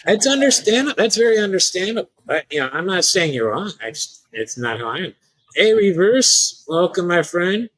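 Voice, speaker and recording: A man's voice: sits high, very animated, normal speed, a bit bright, dry recording, rough recording. A man co-hosting a live stream, talking casually with frequent restarts and hesitations. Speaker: podcast co-host.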